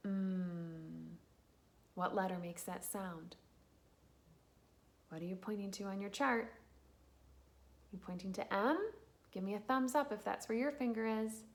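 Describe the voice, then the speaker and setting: Patient woman teaching phonics to children. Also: medium pitch. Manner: slow, patient, encouraging, sounding out letters. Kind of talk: early phonics lesson for young children.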